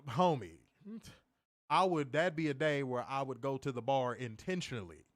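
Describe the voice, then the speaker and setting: A man co-hosting a casual streamed chat, telling stories in an animated, profane way with loud bursts. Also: mid-range voice, moderate pace, no room sound, studio quality. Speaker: co-host of a wrestling review show.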